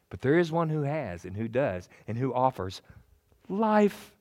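Lively, animated male preacher. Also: medium pitch, takes it slowly. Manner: animated, jokey, acts out voices. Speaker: pastor. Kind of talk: sermon.

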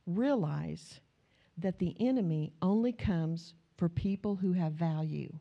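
A woman's voice: lowish voice, unhurried, gravelly, lo-fi sound. A middle-aged American woman preaching a sermon, telling stories in a conversational way and building to emphatic, repeated declarations. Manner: storytelling, conversational, rising to emphatic repetition.

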